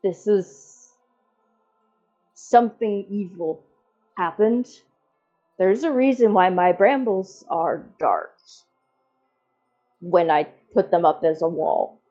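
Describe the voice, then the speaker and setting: A woman voicing an ancient, sorrowful tree spirit in a deep, resonant voice, speaking solemnly. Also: takes it slowly, long pauses, warm tone, muffled recording, soft background music. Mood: grave.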